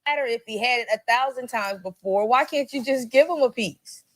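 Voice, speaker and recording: A woman's voice: on the high side, a little fast, fairly bright tone. Blunt scolding woman, casual reaction talk. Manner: blunt, scolding, laughs while talking. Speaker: co-host reacting to a video.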